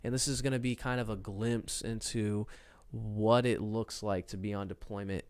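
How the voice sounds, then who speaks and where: A man with a fairly low, clear and smooth voice, chatting as a podcast co-host. He speaks in a relaxed way and often stumbles and restarts his sentences. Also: normal speed. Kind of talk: casual podcast chat.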